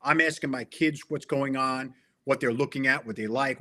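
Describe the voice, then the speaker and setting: A man's voice: medium pitch, steady tone, normal speed, sharp tone. A middle-aged man talking in a casual interview as a guest, earnest and emphatic, often restarting his sentences. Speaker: interview guest, tech sales veteran.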